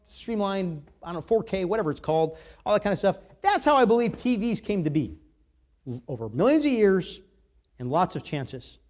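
Animated preacher delivering a sermon. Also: male voice, high-pitched, normal speed. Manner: emphatic, dramatic, swinging from loud to soft; reads scripture aloud. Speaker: pastor.

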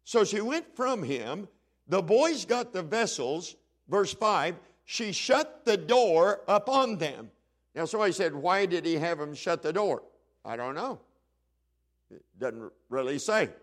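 Folksy high-voiced preacher, a man with a drawl. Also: very animated. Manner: folksy, plays the story's characters in quick dialogue. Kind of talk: sermon with storytelling.

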